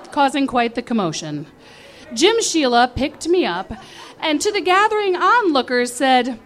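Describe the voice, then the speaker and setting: A middle-aged woman performs her own story with animated, self-mocking feeling. Her voice sits high and swings widely. She takes her time over the lines. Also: measured pace.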